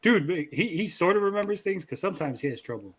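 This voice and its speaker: Husky guy podcast host ranting thru a story, swears a lot, slightly high voice. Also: fast talker. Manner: animated, profane storytelling with many repeats. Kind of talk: casual chat.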